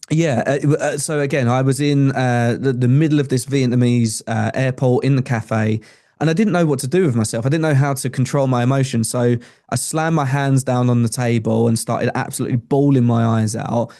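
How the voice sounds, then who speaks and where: A man's voice: medium pitch, warm tone. A young adult man, a podcast guest telling a personal story in an earnest, conversational way with frequent restarts. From England.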